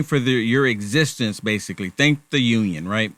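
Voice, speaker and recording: A man's voice: mid-range voice, lively intonation, moderate pace, few pauses, a bit bright, dry recording. A male host giving sarcastic political commentary, firing off rhetorical questions.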